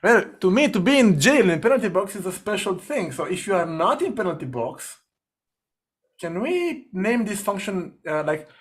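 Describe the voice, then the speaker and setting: A man leading a remote group coding session, thinking aloud and giving quick directions. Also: sits high, big pitch swings, husky. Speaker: session facilitator. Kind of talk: guiding a live coding session.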